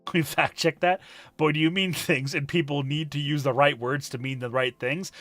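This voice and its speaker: A man's voice: on the high side, steady tone, normal speed, fairly bright tone, no echo. A man chatting on a live stream, emphatic and profane, ranting and reading chat messages aloud.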